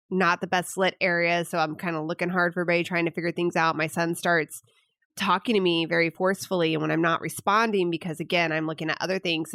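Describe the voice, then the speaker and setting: A mother co-hosting a casual parenting podcast, chatty and quick to laugh. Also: on the low side, fairly bright tone, dry recording, clean studio sound. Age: adult mother. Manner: chatty, laughs easily, rambling. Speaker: podcast co-host.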